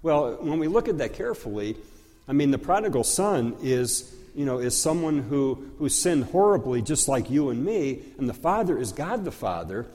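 Man, pastor, sermon, explanatory, conversational, warm dark tone, long reverb. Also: mid-range voice, very animated. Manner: slow, explanatory, conversational with fillers. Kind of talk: teaching sermon.

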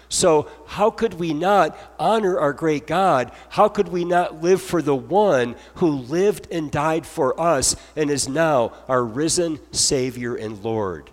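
Guy preaching a sermon, kinda high voice, earnest, big reverb like a church hall. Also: slow, few pauses. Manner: earnest preaching, voices heartfelt prayers aloud. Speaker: pastor.

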